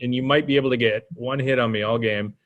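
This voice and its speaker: A man's voice: mid-range voice, steady tone, fast, narrow, tinny audio. Brief: male co-host, teasing and easygoing, ordinary mid voice. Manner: playful, teasing, runs the segments. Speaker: podcast co-host. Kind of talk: casual podcast chat.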